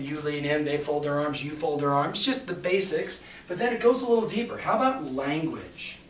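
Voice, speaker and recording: A man giving an energetic, emphatic sales coaching talk, pushing some words loud and dropping others low. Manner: energetic and emphatic, with big swings in loudness. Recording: echoey room, mic at a distance, faint noise.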